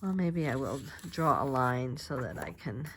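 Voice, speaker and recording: Slow, soft-spoken chatty woman crafting. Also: very deep voice, sing-song, slight background noise. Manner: chatty and meandering, many fillers and restarts; soft-spoken, drops to murmurs while working. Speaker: crafting vlogger. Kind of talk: casual chat while crafting. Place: quiet home craft space.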